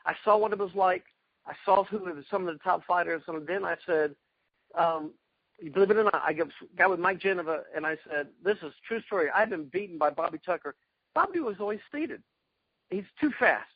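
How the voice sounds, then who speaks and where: A man being interviewed, telling excited stories about past fights and acting out quotes. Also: high voice, fairly quick, husky, no room sound, highs cut off. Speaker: guest, karate fighter. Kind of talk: animated storytelling interview.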